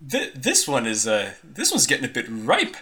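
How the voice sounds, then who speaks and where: A man's voice: mid-range voice, huge pitch swings, moderate pace, bright, forceful tone. A man voicing an eager, fussy old man over sixty who coos and exclaims with delight.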